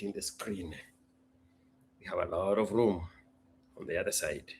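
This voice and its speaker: A young man hosts a relaxed live stream in an unhurried, drawn-out way. He is playful and theatrical, joking aloud to himself as if he were in a conversation with someone else. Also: low-pitched, slight background noise. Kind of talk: casual live stream chat.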